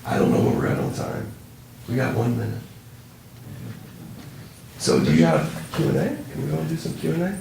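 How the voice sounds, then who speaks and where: A man giving a workshop talk at a conference, slow, dropping to soft near-whispers as he leads someone through a prayer. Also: medium pitch, huge pitch swings, gravelly. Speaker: workshop speaker. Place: conference room. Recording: distant echoey room with background noise.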